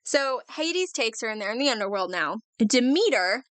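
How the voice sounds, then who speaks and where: A woman's voice: on the high side, big pitch swings, normal speed, a bit bright, no room sound. A woman co-hosting a podcast, chatty and casual as she retells a myth, swearing and laughing often. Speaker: podcast co-host.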